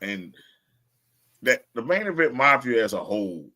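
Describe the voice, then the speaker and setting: A man's voice: mid-range voice, normal speed, over a noisy crowd. A man co-hosting a wrestling podcast, chatting casually and laughing often. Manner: laughs often, animated storytelling. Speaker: podcast co-host.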